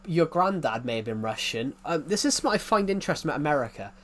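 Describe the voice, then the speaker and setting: A man's voice: a little high, big pitch swings, fast, a bit bright. A man with an English accent rambling in casual chat as a gaming YouTuber, often restarting his sentences. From United Kingdom. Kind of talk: casual chat while playing a game.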